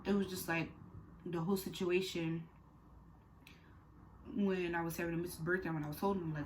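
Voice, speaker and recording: A young woman with a low, deep voice tells her own story straight to camera, talking candidly with lots of fillers and repeats. She turns earnest and direct when she gives advice, and a faint hiss sits under the recording. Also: flat delivery, fairly quick, long pauses, low-quality recording. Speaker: vlogger. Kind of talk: personal storytime vlog.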